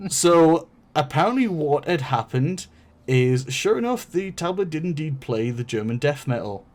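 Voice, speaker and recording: A man's voice: a little high, expressive, normal speed, a little mellow. A man streaming, telling a long story casually with many fillers, restarts and swearing.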